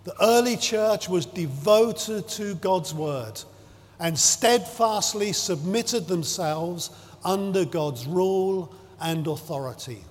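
A man preaching a sermon in a measured, emphatic way, drawing out his phrases and stressing key words. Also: high-pitched, animated. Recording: long hall reverb.

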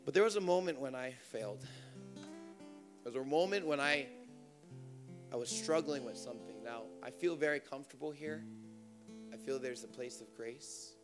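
A man's voice: medium pitch, normal speed, long pauses, over music. A young man preaching a sermon at a church service, with impassioned, rising emotional appeals.

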